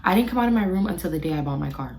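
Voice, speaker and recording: A woman's voice: lowish voice, expressive, racing, a little mellow, slight background noise, rough recording. A young woman in her twenties telling a story in slangy casual chat while doing her makeup, recorded close on a phone indoors. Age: 20s. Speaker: beauty vlogger. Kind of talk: casual get-ready-with-me chat. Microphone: phone camera close up.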